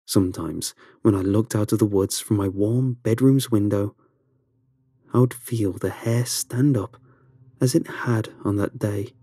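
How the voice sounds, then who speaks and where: A man reading a first-person horror story aloud, with a slow, dramatic storytelling delivery. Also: on the low side, dark tone, breathy edge, dry recording, clean studio sound. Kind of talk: scripted horror narration.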